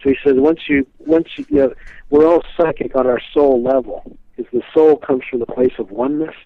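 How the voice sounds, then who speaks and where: The guest expert's voice is a bit high and creaky, and he talks a little fast over a tinny, dry phone line. Appearing on an interview show, he relates stories in a loose, rambling way, full of fillers and lively retellings.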